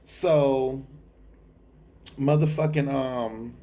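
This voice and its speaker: Rich: A tired man dishing on a TV episode with sassy, profane, gossipy flair. His voice sits at a middling pitch, with faint noise in the background. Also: moderate pace, a little mellow. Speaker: TV reviewer. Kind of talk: casual review vlog. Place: dark room at home.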